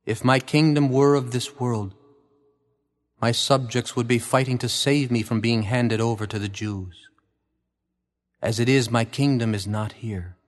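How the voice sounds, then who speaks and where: A man voicing Jesus as a calm grown man answering his questioners in a steady, measured way. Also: medium pitch, long reverb tail, close to an everyday voice. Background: faint guitar music.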